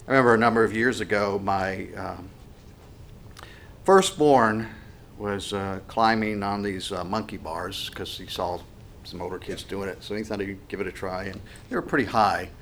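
A man's voice: fairly low pitch, moderate pace, a bit bright, a little hiss or hum. Earnest male preacher, conversational. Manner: earnest, conversational preaching with many restarts and fillers. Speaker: pastor. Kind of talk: sermon.

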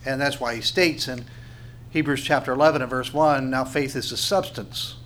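A man's voice: mid-range voice, fairly even intonation, normal speed, a bit bright, slight background noise. A man giving a conversational sermon, asking the listeners questions along the way. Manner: conversational, with rhetorical questions and tag questions. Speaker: preacher.

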